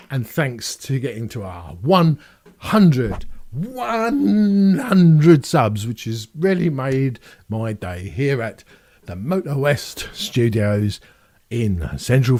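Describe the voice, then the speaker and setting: A man's voice: medium pitch, very animated, slow pace, dry recording. A man in his fifties from England hosting a casual Q&A vlog from a small home studio, chatting in a rambling, self-mocking way. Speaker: YouTube channel host.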